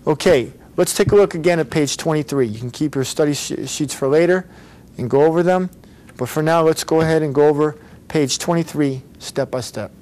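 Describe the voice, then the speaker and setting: A man's voice: on the high side, brisk, a little mellow. Patient male English teacher with a slightly raised voice who drills phrases for students to repeat. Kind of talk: recorded English grammar lesson.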